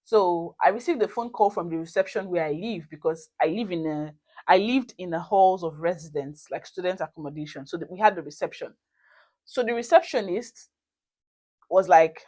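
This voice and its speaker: Young woman, lowish voice, chatty animated storytime vibe. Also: normal speed. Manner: animated, expressive storytelling with frequent laughter. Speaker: vlogger. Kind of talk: casual storytime.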